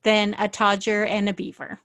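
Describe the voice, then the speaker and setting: A woman's voice: medium pitch, monotone, normal speed, a bit bright, no echo. A woman from the Maritimes co-hosting a podcast in casual chat, playful and teasing, laughing often. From Canadian Maritimes. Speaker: podcast co-host.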